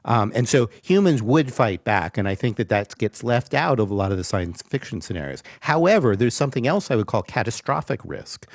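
A man arguing emphatically in a panel discussion, often pausing with ums. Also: medium pitch, sing-song, no room sound, studio quality. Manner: emphatic, argumentative, with frequent ums. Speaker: guest expert.

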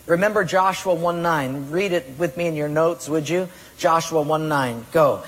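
A man preaches a sermon, firing rhetorical questions and answering them with force. His voice sits high for a man and carries a husky edge. A long reverb trails his words through the hall. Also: moderate pace, hardly any pauses, a bit bright. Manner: emphatic preaching, rhetorical questions, acts out excuses in quoted voices. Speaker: pastor.

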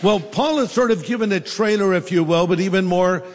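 A man preaches a sermon as a pastor, telling stories in a relaxed and humorous way. His voice sits high, and a long reverb trails behind each phrase. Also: brisk, slight background noise. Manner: conversational, humorous storytelling.

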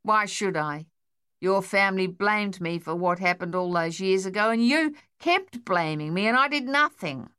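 A woman voicing a sharp-tongued, spry old woman in an audiobook, with a dry, tart, unhurried manner. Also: mid-range voice, expressive, smooth. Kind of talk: audiobook character voice.

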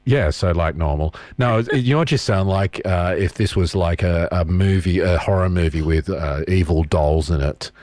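A man's voice: low voice, moderate pace, few pauses, darkish tone, dry recording. A man co-hosting a radio show, joking and goofing around in casual banter. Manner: joking, goofy, playful.

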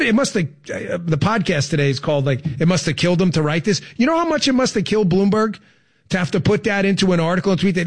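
A man hosting a political talk show from his studio, his voice sitting high for a man. He talks with emphatic, fired-up energy, punching words in loud bursts before sinking into low asides. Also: expressive, fast. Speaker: radio and podcast host. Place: studio with a co-host.

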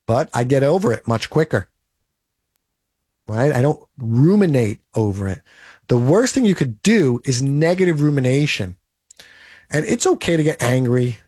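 A man's voice: mid-range voice, expressive, moderate pace, warm tone, slightly rough, no echo, clean studio sound. A man in his late forties delivering a blunt, motivational monologue full of rhetorical "right?"s. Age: 40s. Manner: emphatic, blunt and pep-talking, with rhetorical "right?".

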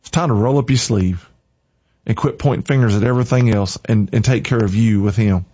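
A man's voice: on the low side, fairly quick, warm tone. A man preaching an informal sermon with fervent, punchy, repeated exhortations. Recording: slightly dull lo-fi recording.

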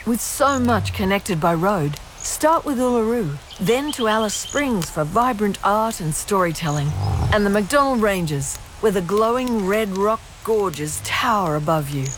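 A woman narrating a travel radio ad in a calm, inviting way. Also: medium pitch, measured pace, slight background noise. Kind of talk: scripted travel ad voice-over.

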